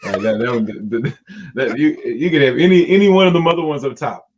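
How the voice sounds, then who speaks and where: A man's voice: mid-range voice, brisk, a little mellow, dull audio. A man co-hosting a casual livestream, laid-back and laughing often. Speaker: livestream co-host. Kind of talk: casual chat.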